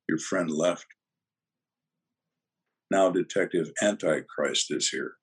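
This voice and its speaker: An older man, a former detective, telling interrogation stories in a dry, deadpan way during an interview. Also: low voice, slow pace, pauses often, husky. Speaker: retired detective guest. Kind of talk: storytelling interview answers.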